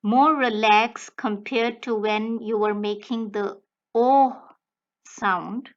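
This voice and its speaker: A woman language tutor giving a slow, deliberate step-by-step explanation of pronunciation. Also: medium pitch, steady tone, muffled recording. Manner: slow, deliberate, breaks words into careful phrases.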